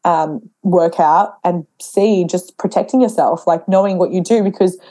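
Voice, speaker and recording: A young pregnant woman telling stories as a podcast guest in a casual, animated way, acting out her own past dialogue. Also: on the low side, normal speed. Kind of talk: casual interview chat.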